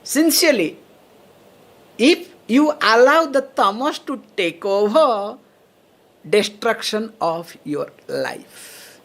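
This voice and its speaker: Woman giving a lively spiritual lecture. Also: on the high side, takes it slowly, vocal fry. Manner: checks in with listeners often, laughs between points. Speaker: swami teaching Vedanta.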